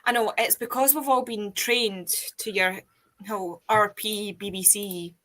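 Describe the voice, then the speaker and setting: A woman chatting casually on a stream, animated and quick to giggle. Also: medium pitch, low-quality recording. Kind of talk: casual chat.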